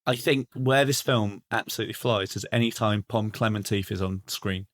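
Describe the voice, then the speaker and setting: A man's voice: fairly low pitch, moderate pace. A man co-hosting a podcast, chatting casually about a film with many restarts and fillers. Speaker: podcast co-host. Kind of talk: casual film review chat.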